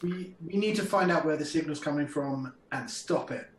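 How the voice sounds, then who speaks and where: A man's voice: a little high, moderate pace, slight background noise. Easygoing male player in an echoey room. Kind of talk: casual play chat.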